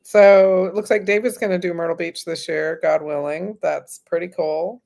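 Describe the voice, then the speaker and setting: Easygoing woman host, lower voice. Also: steady tone, normal speed, vocal fry, darkish tone. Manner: easygoing, laughs while telling stories. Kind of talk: casual chat.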